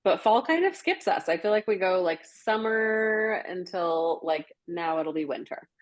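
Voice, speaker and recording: A woman's voice: lowish voice, animated, a little slow. A woman podcast host, chatting casually with many fillers and frequent laughs. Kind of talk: casual chat.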